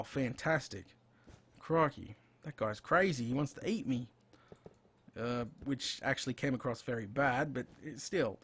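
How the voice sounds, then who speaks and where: An Australian man hosting a casual gaming live stream, chatty and rambling, with frequent exclamations as he plays. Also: fairly high pitch. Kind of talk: casual live-stream chat while playing.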